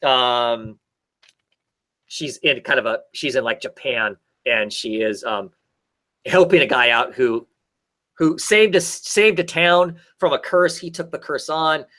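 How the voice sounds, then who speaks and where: A man's voice: medium pitch, expressive, takes it slowly, a bit bright. A man in a casual chat, rambling through a comic story with lots of fillers and restarts. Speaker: podcast co-host.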